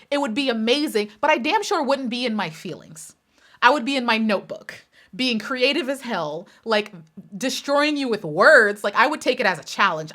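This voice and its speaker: A woman's voice: a little high, sharp tone. A young adult woman giving a blunt, sassy commentary rant on her own channel, firing off exasperated rhetorical questions. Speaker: YouTube commentator.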